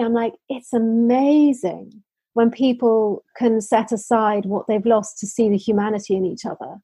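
A woman shares stories in an earnest, heartfelt way. Her voice sits fairly high, with a mellow, husky tone. The sound is dry and close. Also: fairly even intonation, a little slow, no echo, low-quality recording. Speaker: social entrepreneur guest. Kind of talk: interview storytelling.

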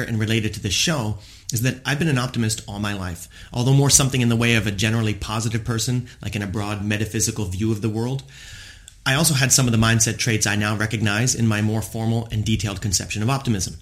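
A man's voice: on the low side, a bit bright. A man, hosting a podcast and telling personal stories in an earnest, reflective way, with frequent ums. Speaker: podcast host. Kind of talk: reflective solo podcast monologue.

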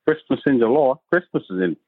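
An Australian man, gruff and sweary, telling a crude joke as a caller. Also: mid-range voice, lively intonation, fairly quick, no echo. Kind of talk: joke told on a voicemail. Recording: tinny dry phone line.

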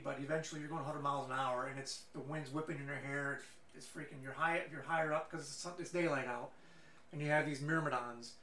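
A man's voice: fairly high pitch, fairly even intonation, fast talker, sharp tone, reverberant. Man, game master, rambling narration, mic far off, faint background noise. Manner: rambling with fillers and restarts.

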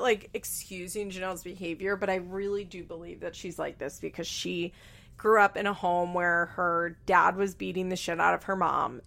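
A woman's voice: lowish voice, creaky, fairly bright tone. A woman giving a casual, chatty recap with lots of fillers and swearing. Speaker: reality TV recap host. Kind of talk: casual commentary.

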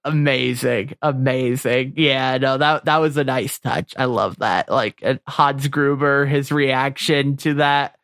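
A man co-hosting a podcast in casual chat, enthusiastic and halting, with frequent fillers. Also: mid-range voice, fairly even intonation, fairly bright tone, no echo, studio quality. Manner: enthusiastic, hesitant with many fillers. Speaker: podcast co-host.

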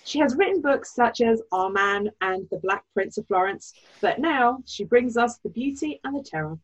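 A woman's voice: a little high, animated, moderate pace, poor audio. A woman co-hosting a podcast, asking questions and giggling in casual chat. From Poland. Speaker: podcast co-host.

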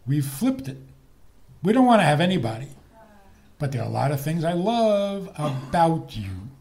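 A man's voice: fairly high pitch, sing-song, moderate pace, a little mellow. A man giving a humorous lecture on marriage, playful and chuckling at his own jokes.

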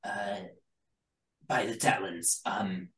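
Guy playing a jittery soldier, formal, hesitant, slow, echoey far mic. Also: on the low side, steady tone, a bit bright. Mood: nervous. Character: nervous male soldier, dutiful and careful. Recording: roomy, from a distant mic.

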